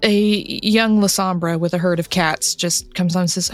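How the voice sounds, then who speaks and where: A woman runs a tabletop role-playing session as game master, narrating scenes in a relaxed, chatty way. Her voice sits on the low side, with faint music playing underneath. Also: normal speed. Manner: relaxed, conversational, with frequent laughs.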